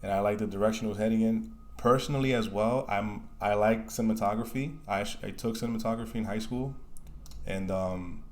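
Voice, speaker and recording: A man co-hosting a casual podcast chat, relaxed and rambling, talking through his thoughts with lots of fillers. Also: lowish voice, brisk. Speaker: podcast co-host.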